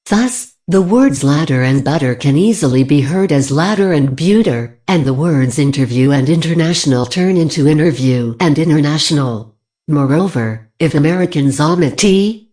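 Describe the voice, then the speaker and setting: A synthetic woman's voice narrates a slide lecture. It sits low and sounds dark and mellow. Its delivery is even and read-aloud throughout. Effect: text-to-speech voice.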